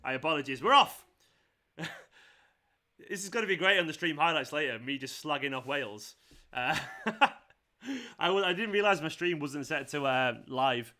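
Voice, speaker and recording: A man's voice: fairly high pitch, lively intonation, normal speed, bright, forceful tone. A young man hosting a football watchalong stream, chatting casually, teasing and laughing often. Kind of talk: casual live-stream chat and commentary.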